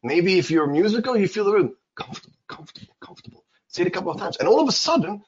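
Lively guy teaching english pronunciation, kinda husky, muffled lo-fi audio. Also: high voice, rapid-fire. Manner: animated, repeats words for emphasis. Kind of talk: casual spoken lesson. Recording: dull lo-fi sound.

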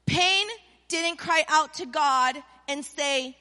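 Casting note: middle-aged woman pastor, high voice, lively call-and-response sermon, long church-hall reverb. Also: takes it slowly. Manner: animated preaching with call-and-response.

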